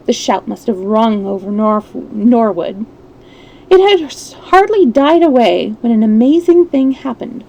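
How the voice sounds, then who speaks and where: A woman's voice: on the high side, lively intonation, measured pace, warm tone, slight background noise, poor audio. A woman storyteller reading a classic story aloud expressively, with small slips and restarts.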